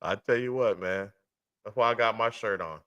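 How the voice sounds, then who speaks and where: A man co-hosting a casual sports podcast on a webcam call, laid-back, laughing often and agreeing quickly. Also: lowish voice, a bit bright, dull audio. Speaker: podcast co-host. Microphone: webcam on video call.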